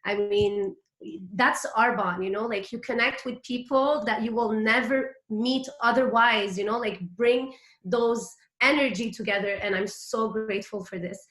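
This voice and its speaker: A woman's voice: a little high, measured pace, a bit bright, roomy sound. Hyper woman with a French-Canadian accent. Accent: Quebec French. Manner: hyper, chatty, many fillers. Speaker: guest speaker. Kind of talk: motivational business talk.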